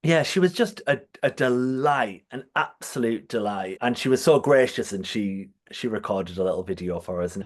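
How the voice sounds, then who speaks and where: A man's voice: mid-range voice, lively intonation, normal speed, hardly any pauses. A man co-hosting a podcast, telling stories with enthusiasm and frequent laughter. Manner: enthusiastic storytelling, often laughing. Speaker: podcast co-host. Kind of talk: casual chat.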